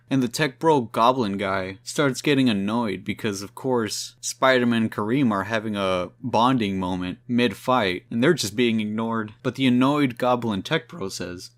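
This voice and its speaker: A man's voice: fairly low pitch, moderate pace, hardly any pauses. A man reviewing a comic book in a casual, slangy way, swearing now and then.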